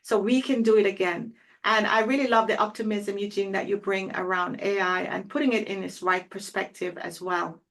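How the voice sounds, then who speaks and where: A woman hosts an interview conversation, asking her guest questions and wrapping up with upbeat, enthusiastic remarks. Her voice sits at a middling pitch. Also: steady tone, moderate pace, gravelly, a bit bright. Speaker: interview host.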